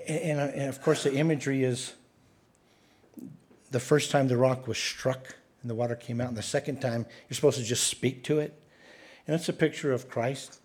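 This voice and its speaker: A man's voice: mid-range voice, a little mellow, slightly rough. A man preaching a conversational sermon, reading scripture aloud and adding sarcastic asides.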